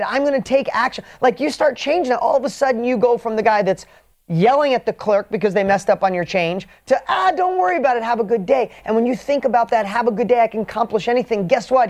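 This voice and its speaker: A man giving a motivational training talk, energetic and emphatic, switching between quick bursts and slow drawn-out stresses, blunt and mildly profane. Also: very high-pitched.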